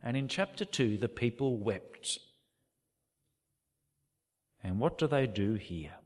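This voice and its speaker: A man's voice: medium pitch, lively intonation, takes it slowly. A man preaching a sermon, reading scripture aloud with dramatic expression. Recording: long hall reverb.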